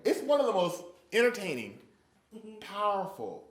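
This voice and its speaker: His voice sits high and he keeps a moderate pace while leading an interactive Bible study in an echoing room. He questions the group and tells animated stories, acting out little voices and sounds.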